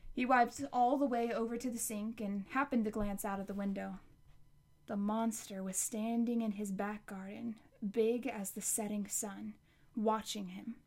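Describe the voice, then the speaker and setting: A woman narrating a novel as an audiobook, reading steadily with occasional slips and restarts. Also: mid-range voice. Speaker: audiobook reader.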